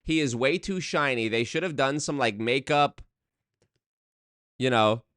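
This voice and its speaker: A man's voice: mid-range voice, a little slow, fairly bright tone, clear, resonant tone, dry recording, clean studio sound. A man hosting a comedy commentary, sarcastic and mocking as he picks apart a video. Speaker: host.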